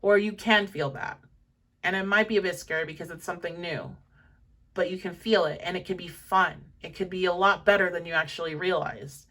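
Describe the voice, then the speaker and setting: A woman's voice: fairly low pitch, steady tone, a little fast, bright, forceful tone, recorded from a distance. A young woman giving a pick-a-card tarot reading in a chatty, encouraging, rambling way, full of fillers. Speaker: tarot reader.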